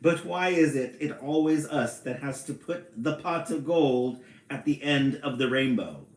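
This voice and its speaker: A man's voice: medium pitch, animated, a little slow, reverberant, voice pushed up, lightly acted. A man reading a storybook aloud and voicing a complaining male leprechaun in an attempted Irish accent, with a whiny, questioning manner. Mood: grumbling.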